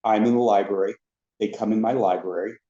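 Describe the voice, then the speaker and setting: A man with a lowish, mellow voice tells anecdotes as a podcast guest. He is a lively storyteller who slips into the voices of the people he describes. The sound is roomy and a little dull, like a lo-fi recording. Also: brisk. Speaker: podcast guest, former theme park ride attendant.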